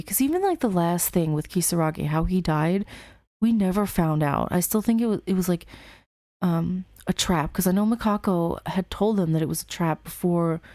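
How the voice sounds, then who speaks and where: A woman's voice: lowish voice, a little mellow, no echo. A young woman hosting a gaming video, chatting casually and emotionally about the story as she plays. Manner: rambling and emotional, many fillers and sighs. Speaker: gaming channel host. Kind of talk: casual game commentary.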